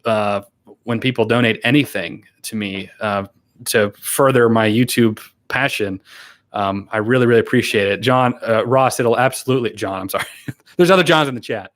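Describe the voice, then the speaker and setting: A man's voice: lowish voice, moderate pace, fairly bright tone. A man chatting casually on a live stream, rambling with fillers and laughs, and earnestly thanking viewers. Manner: earnest and grateful when thanking donors. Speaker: YouTuber hosting a live stream. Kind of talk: casual live-stream chat, reading and answering viewer comments.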